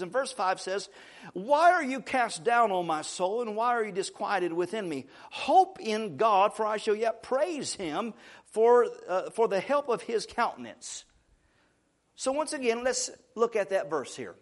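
High-pitched guy preaching a sermon, keeps repeating words, goes quiet then loud. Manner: repeats words while building emphasis. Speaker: pastor.

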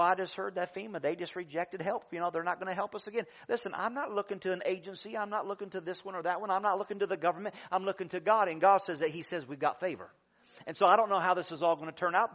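Male pastor, high-pitched and animated sermon delivery, muffled lo-fi sound. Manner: animated, shouts praise and laughs while preaching.

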